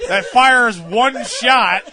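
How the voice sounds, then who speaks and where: A man's voice: very high voice, very slow, pushed and bright. A man co-hosting a casual review podcast, making sardonic, profane wisecracks. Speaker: podcast co-host.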